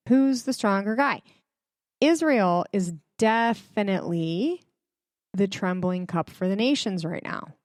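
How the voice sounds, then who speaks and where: A host speaks to her viewers directly in a chatty, emphatic religious commentary laced with fillers. Her pitch is medium, and the studio-quality recording has no echo.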